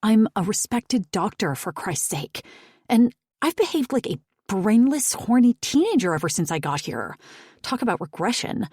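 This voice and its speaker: A woman's voice: medium pitch, sing-song, moderate pace, a little mellow, breathy edge, no echo, studio quality, pitched above the performer's own voice. Woman reading Zoe, a frustrated doctor. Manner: frustrated, blunt. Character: exasperated woman doctor, old friend.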